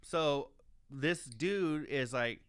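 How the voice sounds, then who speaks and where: A man's voice: on the high side, very slow, fairly bright tone, clear, resonant tone, no room sound, studio quality. Ranting, swearing man on a podcast. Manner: heated ranting, heavy swearing, stumbling restarts. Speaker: podcast co-host. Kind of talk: casual profane podcast chat.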